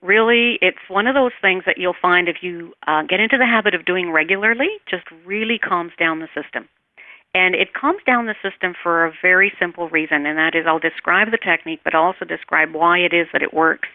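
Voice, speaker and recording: Calm woman on a tinny phone line. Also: lowish voice, a little fast, no echo. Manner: calm, soothing, trails off softly when guiding breaths. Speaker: meditation teacher. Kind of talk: interview guest, then guided breathing.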